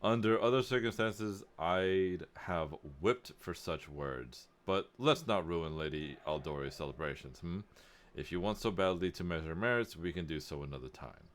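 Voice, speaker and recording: A man's voice: sits low, moderate pace, natural voice. A man doing a smug, drawling baron. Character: arrogant, bored male baron, smug.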